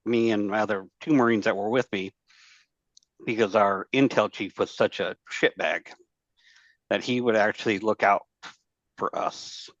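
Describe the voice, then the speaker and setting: A man's voice: medium pitch, a bit bright. A man chats casually as a guest on a podcast, swearing freely and circling back on his words. The sound is muffled and lo-fi, with no room echo at all. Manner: rambling, profane, many fillers and restarts. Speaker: podcast guest, former Marine. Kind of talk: casual storytelling chat. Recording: dull lo-fi dry sound.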